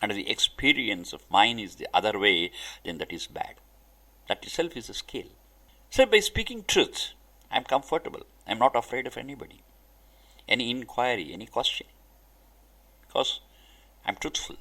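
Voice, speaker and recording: A man giving a spiritual discourse, speaking deliberately in short emphatic phrases. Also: mid-range voice, sing-song, bright, forceful tone. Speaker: spiritual teacher.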